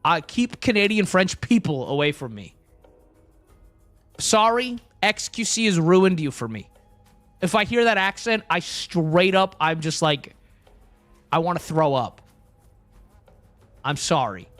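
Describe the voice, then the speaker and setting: A young man with a high voice, chatting loosely on a livestream. He rambles, jokes and answers his chat, full of filler words. Faint music plays behind him. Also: very animated, a little slow, pauses often, fairly bright tone. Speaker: streamer. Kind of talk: casual stream chat.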